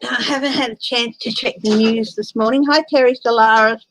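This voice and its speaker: A tired woman with an Australian accent, chatting slowly and sighing as she greets viewers of her tarot livestream. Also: fairly high pitch, steady tone, fairly bright tone, rough recording. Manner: slow, tired, chatty, sighing between remarks. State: tired from lack of sleep. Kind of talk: casual chat with live viewers.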